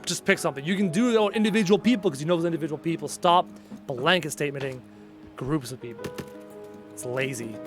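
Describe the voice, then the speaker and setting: Playing a game at home, this male YouTuber and streamer delivers a casual rant to his viewers, opinionated and blunt, repeating key points to drive them home. He has a fairly high pitch and a fairly bright tone.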